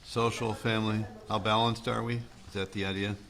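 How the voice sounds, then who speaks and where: Gravelly low man over noisy call. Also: flat delivery, normal speed, fairly bright tone. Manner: thinking aloud, puzzled. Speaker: course participant. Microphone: video call.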